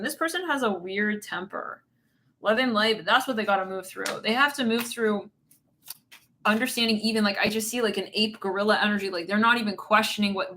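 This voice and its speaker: A woman's voice: medium pitch, pushed and bright, slight background noise. A woman giving a casual tarot reading, rambling and giggly, swearing bluntly as she talks. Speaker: tarot reader.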